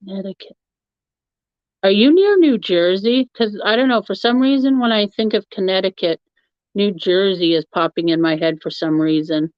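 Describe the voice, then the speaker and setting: A woman's voice: medium pitch, moderate pace, no echo. A woman hosting a live stream, chatting casually with her viewers and laughing often as she rambles. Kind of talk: casual chat answering a live chat. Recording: dull, lo-fi, dry sound.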